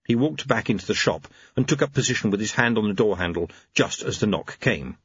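Husky, lively male storyteller. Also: fairly low pitch, fairly quick, dry recording, lo-fi sound. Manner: wry, expressive storytelling. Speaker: audiobook narrator. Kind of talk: scripted narration.

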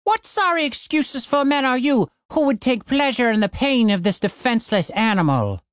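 Proud female dwarf warrior read by a male narrator, raised pitch, indignant, declamatory. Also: expressive, normal speed, smooth, no room sound, clean studio sound, lightly acted.

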